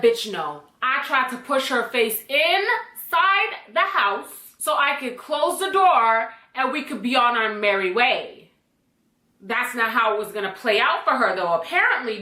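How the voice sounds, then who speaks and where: A woman telling a personal story to camera in a casual, blunt, animated way, swearing freely. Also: fairly high pitch, roomy sound. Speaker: storytime vlogger.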